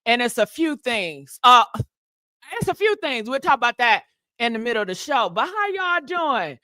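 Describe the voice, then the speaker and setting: A woman hosting a casual gossip livestream, sassy and animated, chatting to viewers and laughing often. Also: on the high side, moderate pace, dry recording, studio quality. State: short of breath.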